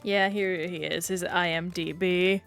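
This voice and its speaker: Woman, game streamer, casual rambling chat, unhurried pace, faint background music. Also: lowish voice, steady tone, vocal fry, a bit bright. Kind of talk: casual live-stream chat while gaming.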